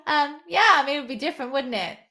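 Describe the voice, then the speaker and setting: A woman's voice: high voice, lively intonation, fast, bright, forceful tone. A young British woman chatting casually on a livestream, reading out viewer comments, rambling and laughing often. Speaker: YouTuber reading live chat.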